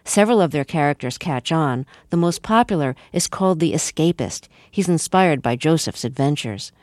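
Calm woman radio host. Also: low-pitched, moderate pace, no room sound, clean studio sound. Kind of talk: scripted introduction.

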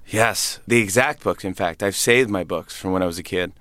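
A man's voice: low-pitched, normal speed, fairly bright tone, no room sound. Comedian guy in his 30s chatting in an interview, laughs a lot, dry close mic. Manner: chatty, laughs often, acts out voices. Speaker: comedian and guest. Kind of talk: interview conversation.

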